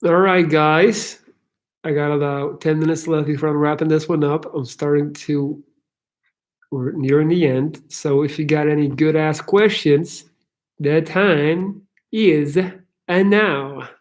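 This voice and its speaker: A man's voice: a little high, little pitch movement, normal speed. A man hosting a livestream Q&A, chatting casually and joking as he answers viewer questions. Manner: chatty and joking, laughs easily. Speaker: livestream Q&A host.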